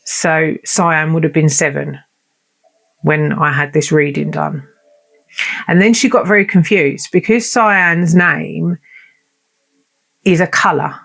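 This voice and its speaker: A woman's voice: low voice, fairly even intonation, slow, gravelly, pauses often, fairly bright tone. A woman hosting her own show, telling a personal story in a heartfelt, emotional and chatty way. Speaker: podcast host.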